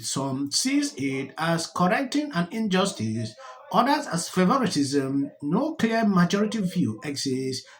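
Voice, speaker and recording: A narrator gives scripted political commentary at a slow, deliberate pace. The pitch moves around a lot, rising and falling across each line.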